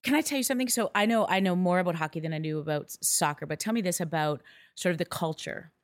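A woman hosts a podcast with loose, rambling questions, circling back and restarting as she talks. Her voice sits low, and the recording is dry and close. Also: fast talker, no echo. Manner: rambling, animated questions with restarts and mild swearing. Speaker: podcast host. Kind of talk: casual interview chat.

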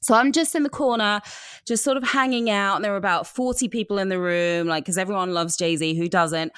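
An English woman in her thirties co-hosting a podcast, telling animated stories with frequent laughter. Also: mid-range voice, fairly quick, clear, resonant tone, dry recording, studio quality. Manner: animated storyteller, laughing often. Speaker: podcast co-host. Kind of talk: casual podcast chat.

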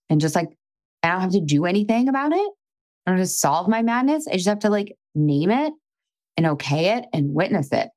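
A woman's voice: on the low side, lively intonation, brisk, darkish tone. A woman podcast host coaching a listener in a frank, chatty way, swearing casually and filling her talk with "like".

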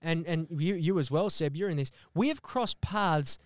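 A young Australian man co-hosts a podcast, telling sweary stories with sarcastic, animated energy. His voice is smooth and clear, pitched a little high for a man. It's recorded close and dry, with no room sound. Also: moderate pace, no room sound. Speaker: podcast co-host. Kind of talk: casual chat, storytelling.

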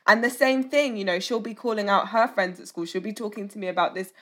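A woman's voice: medium pitch, fast talker, a bit bright. A woman in her twenties hosting an interview, chatty and casual with many "like"s and restarts. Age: 20s. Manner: chatty, lots of likes and restarts. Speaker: host.

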